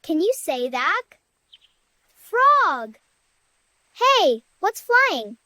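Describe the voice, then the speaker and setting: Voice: very high voice, very animated, very slow, bright, forceful tone, full character voice. A performer voicing a cheerful little cartoon kid who teaches toddlers animal names in a sing-song way and asks them to repeat the words. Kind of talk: children's educational cartoon narration.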